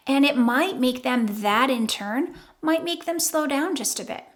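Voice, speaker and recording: A woman's voice: high voice, animated, a little slow. An older woman hosting an advice video, talking bluntly and playfully straight to the viewer. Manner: blunt, playful, acts out quoted lines. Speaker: YouTube advice host. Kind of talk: casual direct-to-camera advice.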